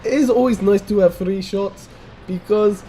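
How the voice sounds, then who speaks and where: A man's voice: sits high, normal speed, dark tone, slight background noise, rough recording. An American man commentating a game replay in a put-on Russian accent, speaking in stiff, formal phrasing without contractions and often restarting his sentences. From United States. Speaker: gameplay commentator.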